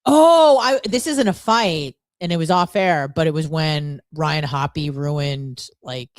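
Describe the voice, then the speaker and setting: A woman co-hosting a radio show, telling stories in an animated, profane way and laughing often. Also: low voice, slow pace, no room sound, studio quality. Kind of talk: casual radio chat. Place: radio studio.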